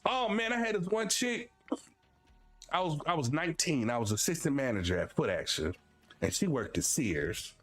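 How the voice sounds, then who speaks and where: This Floridian streamer and host, a man in his forties, spins stories in casual chat, animated and laughing as he swings from high excited bursts to low asides. He talks at a moderate pace with faint music playing behind him.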